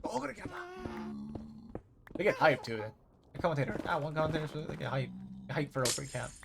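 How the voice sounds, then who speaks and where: A man's voice: mid-range voice, steady tone, quick pace, creaky, background noise. A young man streaming a video game, chatting casually and rambling as he plays. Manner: rambling, chatty, with sudden loud mimicking shouts. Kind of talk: casual gameplay chat.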